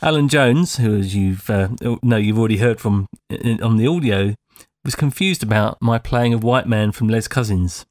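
A man's voice: lowish voice, normal speed, no echo, clean studio sound. A man hosting a casual podcast, reading out listener feedback in a rambling, self-deprecating way with many fillers.

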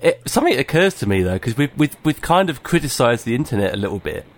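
A man's voice: mid-range voice, sing-song, fast talker. A man hosting a casual conversation, asking thoughtful questions and reassuring his guest.

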